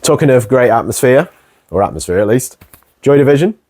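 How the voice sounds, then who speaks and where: A man hosting his own video, chatting casually and warmly about his record collection, rambling with plenty of ums. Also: medium pitch, brisk. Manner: relaxed and rambling, many ums, warm enthusiasm. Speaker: host.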